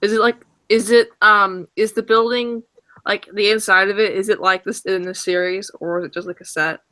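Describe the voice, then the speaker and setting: A speaker in a casual stream chat, excitable and rambling. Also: medium pitch, moderate pace, rough recording. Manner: excitable, rambling, quotes a TV show at length.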